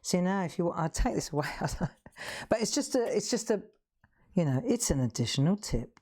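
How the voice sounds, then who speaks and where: A woman's voice: lowish voice, sing-song, moderate pace, mellow. A woman hosting a live colouring demonstration, chatting, laughing often and making self-mocking asides. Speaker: craft show host.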